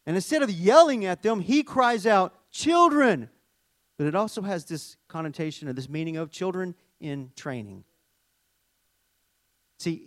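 High-voiced preacher, dry close sound. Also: male voice, dry recording. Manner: swings between hushed tender lows and loud emphatic peaks; talks to the congregation, asking questions. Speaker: pastor. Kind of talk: sermon.

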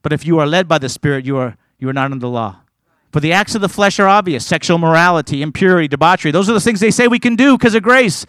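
High-voiced preaching man, dry sound. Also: fairly bright tone, no room sound. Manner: earnest, emphatic preaching, reading scripture aloud; conversational asides with stumbles and repeats. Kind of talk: sermon.

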